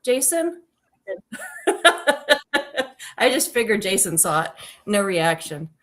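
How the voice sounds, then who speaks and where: A woman's voice: medium pitch, normal speed, a bit bright. A woman co-hosting a casual film discussion, enthusiastic and digressive, often correcting herself mid-sentence. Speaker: podcast co-host and author.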